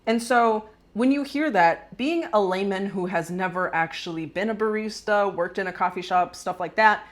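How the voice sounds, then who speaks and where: A woman from the United States hosting a casual commentary video, chatty and opinionated, often tagging on "right?". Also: lowish voice. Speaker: commentary channel host.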